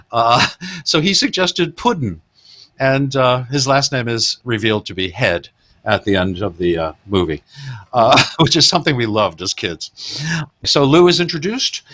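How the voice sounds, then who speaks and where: Bright-voiced man retelling film scenes. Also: medium pitch. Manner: animated storyteller who laughs often. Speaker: podcast host. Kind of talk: casual film chat.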